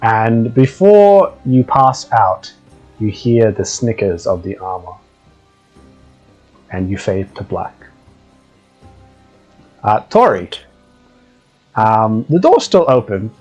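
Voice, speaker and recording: A man narrating as game master of a tabletop game, relaxed and chuckling. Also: medium pitch, slow pace, long pauses, faint music behind, rough recording.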